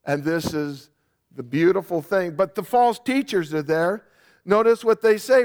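A man preaching a sermon on a microphone, emphatic and repetitive, with bursts of loud stress. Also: high voice, measured pace, clean tone. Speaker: pastor. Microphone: microphone on a sound system.

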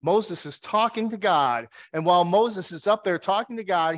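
A man's voice: sits high, expressive, normal speed, hardly any pauses, no room sound, studio quality. Wry, chatty male preacher. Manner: chatty storytelling with wry asides and rhetorical questions. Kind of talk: conversational sermon.

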